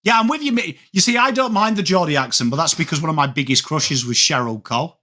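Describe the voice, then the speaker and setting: A man with a Yorkshire accent hosts a live football watchalong, talking casually with viewers and answering chat comments. His voice sits a little high and has a bright, forceful edge. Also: quick pace. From England. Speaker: livestream host.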